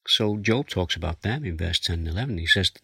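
A man's voice: low voice, lively intonation, a little fast, vocal fry, bright, forceful tone, husky, dry recording. A man preaching a sermon, explaining a passage of scripture verse by verse and reading it aloud. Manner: expository, reads scripture aloud.

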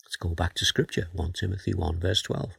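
A man giving a Bible teaching sermon, asking questions and reading scripture aloud in a measured way. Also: low-pitched, steady tone, gravelly, fairly bright tone, slightly rough, no room sound. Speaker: preacher.

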